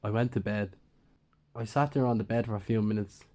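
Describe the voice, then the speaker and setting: Guy reading a horror story in first person, kinda low voice, just talking it through. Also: brisk, darkish tone. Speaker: narrator.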